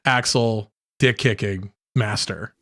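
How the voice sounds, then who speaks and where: A man's voice: fairly low pitch, takes it slowly, fairly bright tone. A man co-hosting a podcast in casual chat, blunt and teasing, swearing casually. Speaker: podcast co-host.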